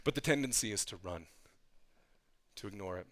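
Bright-voiced man preaching a sermon. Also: on the low side, animated, normal speed. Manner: conversational preaching that swings from hushed to loud and fervent; casual asides to the congregation. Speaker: pastor.

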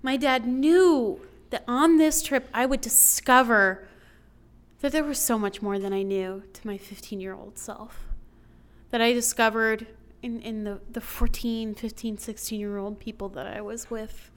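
Woman telling her story on stage, kinda high voice, smooth and clear, gets emotional. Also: fairly even intonation, a little slow. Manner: emotional, building lists of complaints. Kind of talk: personal story told to an audience.

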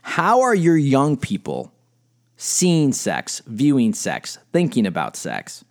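A middle-aged man, a spiritual director and life coach, giving a blunt, animated teaching talk and reading quotes aloud. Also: mid-range voice, slow pace. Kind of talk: podcast-style teaching monologue.

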